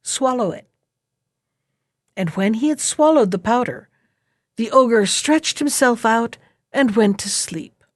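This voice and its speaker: A woman reading a fairy tale aloud in a slow, measured storybook manner. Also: on the high side, lively intonation, no room sound, clean studio sound.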